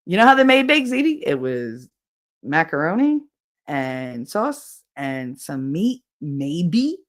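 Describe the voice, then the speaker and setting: Lower-voiced New Jersey woman, animated. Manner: animated, exasperated, swears freely. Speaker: podcast host reading live chat. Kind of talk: casual chat.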